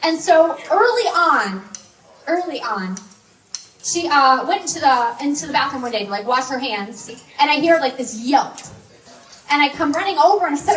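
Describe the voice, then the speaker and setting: A woman in her thirties delivers a chatty, story-driven sermon full of fillers, her high voice lively in intonation, a bit bright, and at a normal speed. It's recorded from a distance in an echoey hall.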